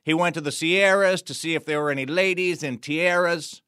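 A man spins a folk tale, folksy and playful, dropping wry asides. His voice is bright and sharp, a touch high, and sits close and dry on the mic. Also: moderate pace, clear, resonant tone, dry recording. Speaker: storyteller. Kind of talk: performed folk tale narration.

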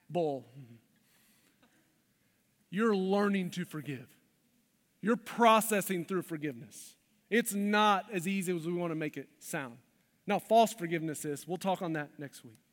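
In a church sanctuary, a high-voiced male pastor delivers a sermon, moving between hushed, intimate passages and passionate, emphatic peaks. A long hall reverb carries his words, and he speaks unhurriedly with long pauses.

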